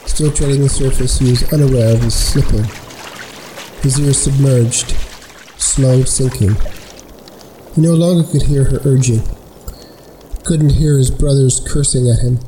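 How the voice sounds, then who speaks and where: A man narrating a scripted story in a measured, unhurried way. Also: medium pitch, mellow, a little hiss or hum, low-quality recording.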